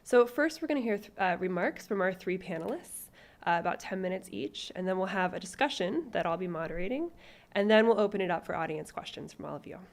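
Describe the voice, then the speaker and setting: A woman moderating a panel event reads out the speakers' introductions. She keeps a measured pace, with a few fillers and small restarts along the way. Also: mid-range voice, expressive, gravelly.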